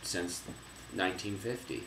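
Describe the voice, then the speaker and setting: Man, very deep voice, off-mic co-host, matter-of-fact chat, roomy sound. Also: measured pace, fairly bright tone, distant mic, a little hiss or hum. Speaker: co-host, husband. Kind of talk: casual chat. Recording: echoey room, away from the mic.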